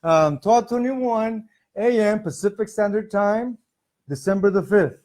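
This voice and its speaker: Speaking unhurriedly in a high, darkish voice, a man hosts a casual spiritual livestream from his home. He talks loosely and chats with viewers as faint music plays softly in the background.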